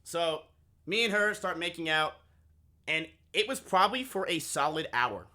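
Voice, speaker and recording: Bright-voiced male streamer telling a story. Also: fairly high pitch, normal speed. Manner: animated, swearing, acting out the dialogue. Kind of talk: casual storytelling to a live chat.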